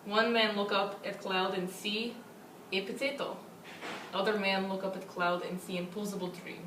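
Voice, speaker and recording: A woman doing a dour Eastern European peasant, telling bleak jokes in flat, broken English. She sounds distant in a roomy space with faint noise. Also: mid-range voice, normal speed, close to an everyday voice. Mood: deadpan.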